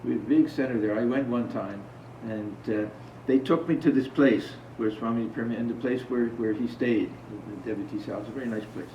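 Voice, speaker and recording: Speaking fairly quickly with few pauses, a man with a medium-pitched voice leads a small gathering in an informal spiritual talk. He shares stories and puts questions to listeners in a conversational way. The recording sounds roomy, distant and dull, with a little hiss or hum.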